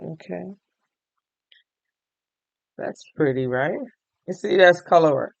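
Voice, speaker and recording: A man with a slightly higher than usual voice, recorded close and dry with no room sound. He hosts a crafting podcast in a relaxed show-and-tell way, talking straight to his viewers and thinking aloud. He sounds tired and keeps yawning. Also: slow, gravelly, no echo, dull audio. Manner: chatty, thinks aloud, addresses viewers directly. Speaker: crochet and knitting podcast host. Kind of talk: casual show-and-tell chat.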